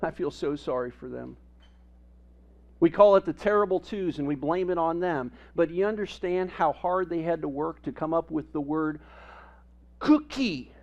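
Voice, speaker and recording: A male pastor delivers a sermon in a lively, humorous storytelling way. His voice sits a little high for a man. The recording is somewhat dull and lo-fi. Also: normal speed.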